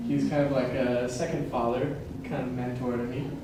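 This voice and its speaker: A young man telling a personal story on stage in a casual, rambling way, laughing often and filling pauses. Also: medium pitch, level tone, background noise. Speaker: improv show guest storyteller. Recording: echoey stage from far off.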